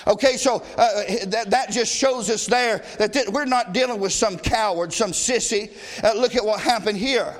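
A man preaching a sermon as pastor, impassioned and rising to shouts. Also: sits high, normal speed, in a large hall.

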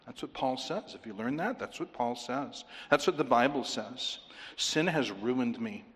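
A man preaching a sermon, emphatic and repetitive, often dropping to a quiet, intense delivery. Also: medium pitch, lively intonation, measured pace, big-room sound. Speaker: pastor.

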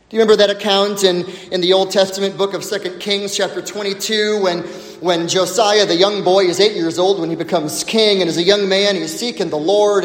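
A man, a pastor preaching a sermon, who speaks emphatically with slow, dramatic pauses and drops to a low hush on key words. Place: church sanctuary. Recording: echoey hall with long reverb.

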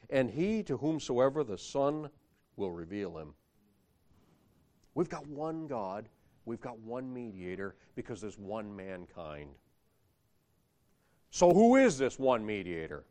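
A man's voice: medium pitch, big pitch swings, unhurried, pauses often, darkish tone. A man preaching a sermon, reading scripture aloud and building emphasis as he explains a Bible passage.

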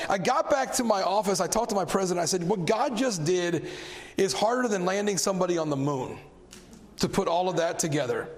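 A man preaching a sermon, telling a story with animated energy and a voice that climbs when he gets excited. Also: high voice. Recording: long hall reverb.

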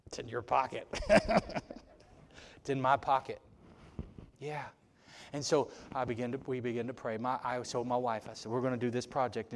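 A middle-aged man preaching a sermon in a church, telling folksy stories and building to loud exhortation. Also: mid-range voice. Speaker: preacher and ministry leader. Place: church sanctuary.

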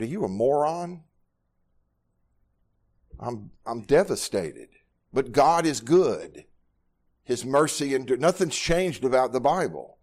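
A man, preaching a sermon at a Bible study, telling personal stories earnestly and moving from quiet, low passages to loud, raised ones. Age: 60s. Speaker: pastor.

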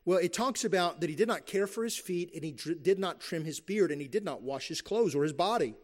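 A man's voice: high-pitched, animated, a little fast, a little mellow. Emphatic man preaching a sermon. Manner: earnest, emphatic, with rhetorical questions and acted-out quotes.

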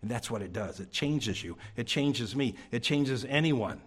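A man preaching a sermon to a congregation in a church. He asks many rhetorical questions and drops to a hush at times. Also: mid-range voice, lively intonation, normal speed, breathy edge.

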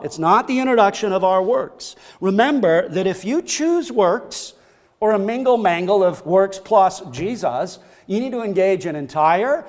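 A man preaching a sermon, emphatic and repetitive, stacking short phrases for stress and often restarting his words. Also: high-pitched. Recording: long reverb of a large hall.

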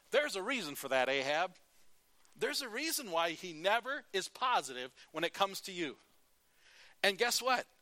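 A man preaching a sermon, retelling a Bible story and acting out its characters in lively, conversational bursts. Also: high-pitched, no echo. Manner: animated, acts out the Bible characters in his retelling.

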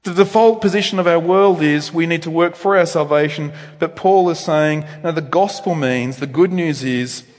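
A man preaching a sermon in a church, with animated delivery that swings between loud emphasis and quiet reflection. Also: fairly high pitch, moderate pace, few pauses. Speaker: pastor. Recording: long reverb in a church.

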